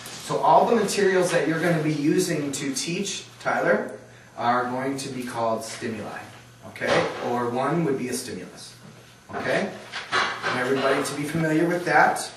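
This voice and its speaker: A man leads a workshop and keeps asking his listeners questions to check that they understand. His voice sits a little high. He is picked up from far across a very echoey room, with faint noise underneath. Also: moderate pace. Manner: quizzing the audience, checking for understanding. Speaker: trainer. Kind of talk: training workshop lecture.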